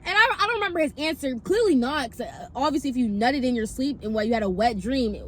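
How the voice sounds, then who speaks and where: A twenty-year-old woman telling a casual story time, rambling with lots of filler, swearing and sudden pitch jumps. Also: lively intonation, fast talker. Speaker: vlogger.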